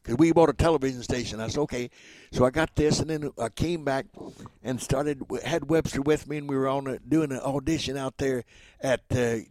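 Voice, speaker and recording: A man's voice: medium pitch, fairly quick, darkish tone, dry recording. An older man, an entertainer, reminiscing about his career in a rambling way, repeating words and chuckling as he goes. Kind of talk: reminiscing storytelling.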